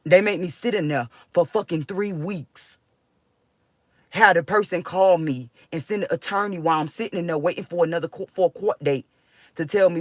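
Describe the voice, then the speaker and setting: A woman's voice: lowish voice, normal speed. A woman rants straight to her viewers, agitated and swearing, tripping over her words as she restarts sentences. The sound is dry and close, with no room echo. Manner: agitated, profane, rambling with restarts. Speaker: vlogger. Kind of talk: emotional personal venting.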